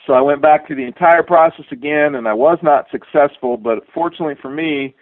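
A middle-aged man, a former astronaut, telling a relaxed, wry anecdote with a dry sense of humor and many fillers. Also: a little high, a little fast, no room sound. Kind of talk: storytelling anecdote. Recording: tinny dry phone-like line.

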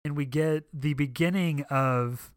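A man's voice: a little high, unhurried, clear, resonant tone, no room sound. A young man chatting casually on a podcast, rambling with emotional enthusiasm. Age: young adult. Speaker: podcast co-host.

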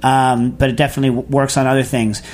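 A man's voice: mid-range voice, flat delivery, quick pace, a little mellow. A man hosting a food radio show, answering a listener's question in a rambling, chatty way full of fillers and restarts. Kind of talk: casual call-in answering.

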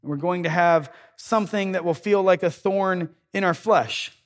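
A man's voice: high-pitched, moderate pace. A man preaching a sermon in a conversational way, with dry irony and acted-out prayers. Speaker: pastor.

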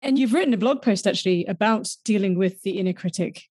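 A woman interviewer asking measured questions and reading the guest's own words back to her. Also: mid-range voice, a little mellow, husky, no room sound, studio quality.

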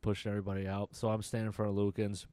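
Low-voiced man rambling through a story. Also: monotone, rapid-fire, warm tone, dry recording. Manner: rambling, laughs often, swears casually. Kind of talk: casual storytelling chat.

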